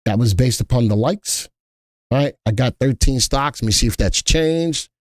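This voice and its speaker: A man's voice: mid-range voice, moderate pace, no echo, clean studio sound. A man hosting a live stock market stream, chatting casually and thinking aloud as he works, often repeating himself.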